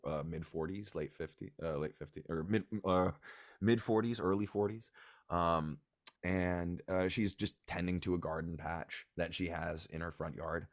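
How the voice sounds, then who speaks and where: A man's voice: deep voice, dry recording, clean studio sound. A man narrating a tabletop game as game master, hesitant and full of ums and uhs.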